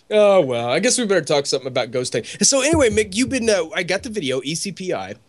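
A man's voice: high voice, very animated, fast talker. An American man co-hosting a podcast, chatting casually and teasing the others with frequent laughter. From United States. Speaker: podcast co-host. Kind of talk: casual joking chat.

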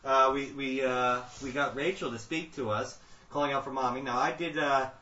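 A man's voice: mid-range voice, fairly even intonation, moderate pace, sharp tone. A man hosting a paranormal radio show, rambling with many fillers as he introduces recordings. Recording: roomy, distant lo-fi recording with faint background noise.

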